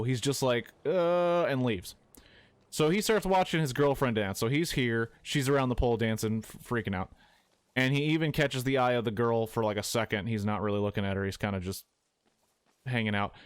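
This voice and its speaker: A young man casually retelling a movie for laughs, swearing freely and jumping into quick voices for the characters. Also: mid-range voice, clean tone, dry recording. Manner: loose and profane, acting out characters in quick quoted voices. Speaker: streamer retelling a film. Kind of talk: casual comedic movie recap.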